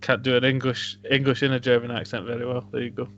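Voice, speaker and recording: Man, mid-pitched, dry jokey quips, whisky tasting chat, dull lo-fi audio. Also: flat delivery, fast talker, fairly bright tone, a little hiss or hum. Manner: dry jokey asides, reads tasting notes aloud. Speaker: podcast co-host. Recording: dull lo-fi home podcast recording.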